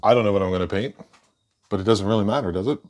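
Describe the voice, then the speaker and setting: A man giving a casual painting lesson, relaxed and thinking aloud as he works. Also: on the low side, racing. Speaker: painting instructor.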